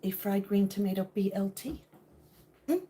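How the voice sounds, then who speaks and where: A middle-aged woman chatting casually with viewers on a home livestream, laughing often and sometimes dropping to a hushed voice. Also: mid-range voice, expressive, normal speed, a little hiss or hum. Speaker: livestream host.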